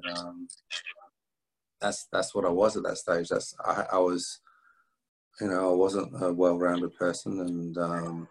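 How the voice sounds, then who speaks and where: A middle-aged man from England, telling a personal story as an interview guest, halting with restarts and fillers. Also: low voice, rough recording. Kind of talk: reflective storytelling.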